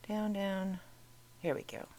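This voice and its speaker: A woman's voice: mid-range voice, level tone, slow pace, warm tone. A woman hosting a casual talk show, chatty and rambling as she goes through curiosities on her screen. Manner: chatty, rambling, self-interrupting. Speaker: host.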